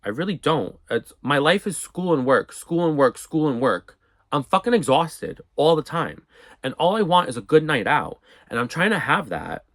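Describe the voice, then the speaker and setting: Animated young man telling a storytime. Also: a little high, moderate pace, no room sound. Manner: animated, profane, acts out quotes. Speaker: storyteller vlogger. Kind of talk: casual storytime monologue.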